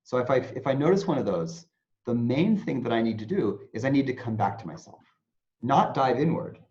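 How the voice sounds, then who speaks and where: Talking fairly quickly, a man interviewed about mindfulness swings his pitch up and down with lively expression. He explains things in a conversational, animated way, slipping into acted-out anxious inner voices, and the audio is dull and lo-fi.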